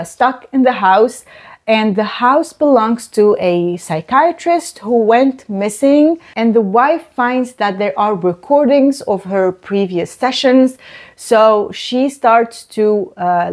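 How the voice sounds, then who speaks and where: A woman's voice: fairly high pitch, darkish tone. A woman giving casual, emphatic book reviews to camera, often repeating words for stress.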